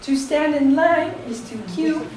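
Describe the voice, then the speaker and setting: Slow American woman in a roomy classroom. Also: high voice, darkish tone, far from the mic, a little hiss or hum. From United States. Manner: slow, deliberate, laughs between points. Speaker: English teacher. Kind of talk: classroom presentation.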